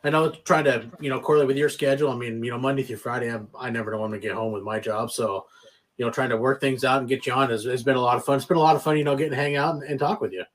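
A man's voice: mid-range voice, fairly even intonation, very fast. A man hosting a casual interview show, laid-back and swearing freely. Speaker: podcast host. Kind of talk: casual chat.

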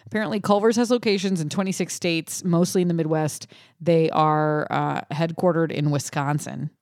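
A woman's voice: low voice, fairly even intonation, moderate pace, a little mellow, no echo. A woman co-hosting a podcast, chatting casually and laying out segments in a dry, matter-of-fact way. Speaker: podcast co-host. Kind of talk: casual chat, reading a news segment.

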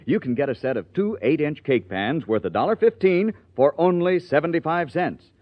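Peppy 1940s radio ad guy, kinda high voice, dry muffled sound. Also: animated, no room sound. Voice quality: brisk, upbeat salesman's delivery. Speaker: radio announcer. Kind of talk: 1940s radio commercial reading. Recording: dry, dull lo-fi old radio broadcast.

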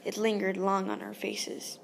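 A woman narrating an audiobook in a soft, hushed, often half-whispered delivery. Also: mid-range voice, flat delivery, measured pace, gravelly, slight background noise. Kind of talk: scripted narration.

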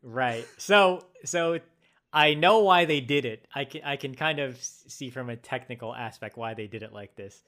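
A man's voice: medium pitch, moderate pace, a bit bright. Analytical man explaining film craft. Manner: explanatory, analytical about filmmaking. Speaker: podcast co-host. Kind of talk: casual movie review chat.

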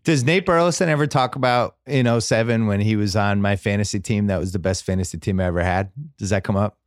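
A man's voice: fairly low pitch, fast, no room sound, clean studio sound. A man hosting a podcast, chatting casually about football in a rambling, wry way that keeps restarting its sentences. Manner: rambling, self-interrupting, wry. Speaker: podcast host. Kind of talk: casual sports chat.

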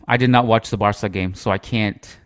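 A man's voice: lowish voice, steady tone, fairly quick, a bit bright, clean tone, dry recording, clean studio sound. A man hosting a podcast in casual chat, talking in long rambling runs full of "like" and "you know". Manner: talkative, rambling, heavy use of "like" and "you know". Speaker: podcast host.

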